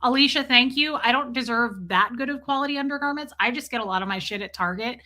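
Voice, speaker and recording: Bright-voiced chatty woman streamer. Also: a little high, quick pace. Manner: chatty, swears freely, greets viewers by name. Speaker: live-stream host. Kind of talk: casual live-stream chat.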